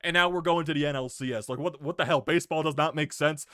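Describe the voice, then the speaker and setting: Young guy hyped up ranting about his team winning, kinda high voice, dry close sound. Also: quick pace, hardly any pauses, clear, resonant tone, no echo. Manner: hyped, shouting and laughing, swears freely. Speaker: sports video host. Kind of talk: excited fan reaction rant.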